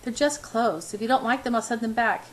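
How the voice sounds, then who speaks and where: A woman reading the lines of an intense, brooding young businessman in a spoken story, in a low, quiet, earnest way. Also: fairly quick, close to an everyday voice. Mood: coaxing.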